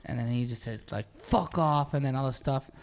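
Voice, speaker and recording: A man's voice: mid-range voice, steady tone, quick pace, dark tone. Guy on a realtor podcast telling a story, swears a lot, does little voices for people. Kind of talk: casual chat.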